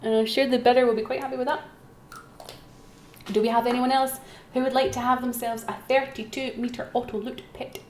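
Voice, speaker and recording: A woman's voice: a little high, little pitch movement, brisk, slight background noise. A chatty woman runs a live auction from her computer, calling again and again for bids. Her voice sits in a roomy, echoey space. Faint keyboard typing runs underneath. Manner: chatty, self-mocking, repeats calls for bids. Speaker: auction host. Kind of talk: live-streamed auction commentary.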